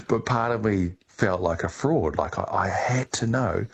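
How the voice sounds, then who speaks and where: A middle-aged man answering interview questions, telling his story in a relaxed way with some restarts. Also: lowish voice, moderate pace, breathy edge. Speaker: guest, ice diver.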